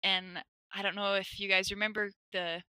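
A young woman co-hosting a podcast, telling a story in a casual chat, animated and laughing, with lots of "like". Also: mid-range voice, moderate pace, clean tone, no room sound. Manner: animated, laughing, says "like" often.

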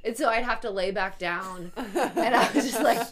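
A woman's voice: fairly high pitch, moderate pace, over a noisy crowd. A young pregnant woman in casual chat, telling a long story with plenty of "like" fillers. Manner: rambling, filler-heavy storytelling.

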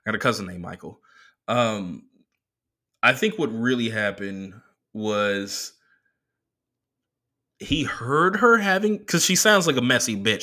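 A man hosting a solo podcast, telling rambling, profane stories in a casual, animated way. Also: on the low side. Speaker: comedian and podcast host.

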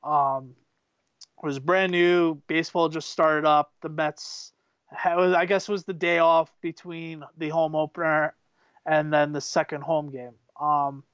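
Male co-host, fairly high smooth voice, excitable rambling storyteller. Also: a little slow, dry recording, dull audio. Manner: rambling, excitable, many fillers and restarts. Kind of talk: casual storytelling chat.

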